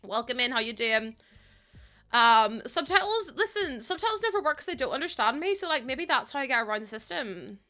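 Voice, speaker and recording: Bright, giggly young Northern Irish woman streamer, chatty with faint music underneath. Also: high-pitched, a little fast. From Northern Ireland. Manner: chatty, giggly, loose and animated. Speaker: live streamer. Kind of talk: casual chat with live chat.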